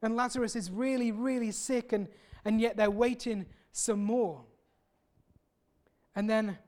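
A man's voice: sits high, fairly even intonation, a little mellow. Earnest male preacher giving a sermon. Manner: earnest, with many pauses and restarts.

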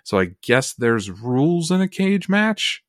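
A man's voice: on the high side, sing-song, measured pace, no room sound, clean studio sound. A man co-hosting a podcast, chatting casually about a wrestling show, with a laid-back, rambling way of talking and frequent laughs. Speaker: podcast co-host. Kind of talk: casual wrestling recap chat.

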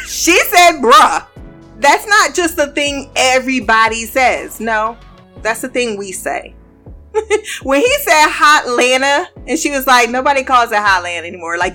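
A woman reviewing a TV episode in casual reaction commentary, animated and laughing often between playful asides. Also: a little high.

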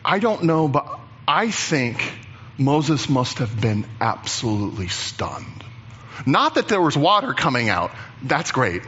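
A man preaching a sermon as pastor, animated and chatty, acting out the voices of Bible figures. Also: mid-range voice, slow, husky, dull audio.

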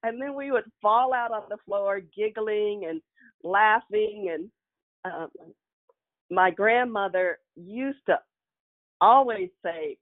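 A woman's voice: medium pitch, very animated, slow pace. A woman telling a personal childhood story with frequent chuckles, in a nostalgic way. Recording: tinny phone-like line.

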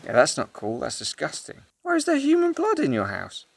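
A man's voice: a little high, huge pitch swings, a little fast, vocal fry, breathy edge, no echo. A man co-hosting a podcast, chatting casually and teasing his co-host. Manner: teasing, playful banter. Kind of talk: casual chat.

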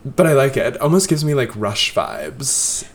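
A male podcast co-host talking in loose, casual chat. His voice sits at an ordinary middle pitch. He gets animated and blunt, laughs a lot, and swears freely when something irritates him. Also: normal speed.

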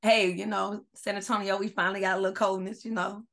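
Bright-voiced excited woman podcast host. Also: medium pitch, fast, creaky. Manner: excited, repeats and restarts words. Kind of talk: casual podcast interview.

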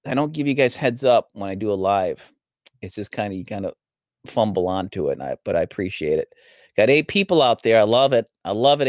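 40s male host, low voice, dry sound, loose rambling live-stream monologue. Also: no room sound. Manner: rambling, full of fillers and restarts.

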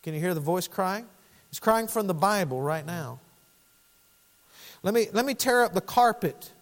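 A pastor preaching a sermon with fervour, dropping to quiet pleading and then rising to loud urgency. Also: male voice, sits high, animated, normal speed. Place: church sanctuary. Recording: long church hall reverb.

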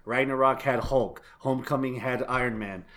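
A man co-hosting a casual movie podcast, with an ordinary mid-range voice. He trades opinions in relaxed banter and teases his friends in a wry way. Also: medium pitch, normal speed. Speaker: podcast co-host.

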